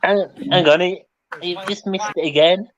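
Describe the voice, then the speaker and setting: A man's voice: sits high, fairly even intonation, normal speed, lo-fi sound. A man co-hosting a podcast in casual chat. He teases his co-host, chuckles often and drops in short remarks.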